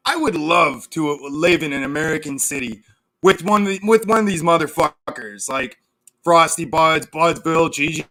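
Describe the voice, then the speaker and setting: A man's voice: on the high side, bright, forceful tone. A man hosting a livestream, ranting sarcastically and with lots of swearing while reading chat aloud. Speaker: livestream host. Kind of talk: casual livestream rant.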